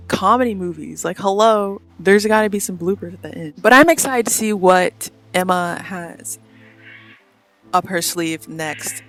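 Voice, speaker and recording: A woman's voice: fairly low pitch, creaky. A young woman vlogger chatting casually about films she watched, rambling with lots of filler words and slang. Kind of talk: casual chat.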